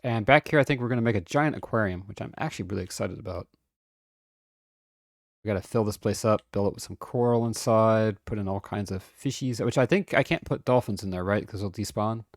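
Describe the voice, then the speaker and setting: A man chatting casually and playfully on a game stream, excitable and fond of silly sing-song bits. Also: fairly low pitch, brisk, dry recording, studio quality.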